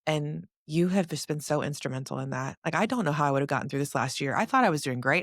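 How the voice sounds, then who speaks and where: A woman guest on a podcast, an energy healer telling stories in a gushing, animated way. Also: low voice, quick pace, few pauses, dry recording, clean studio sound. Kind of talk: casual chat.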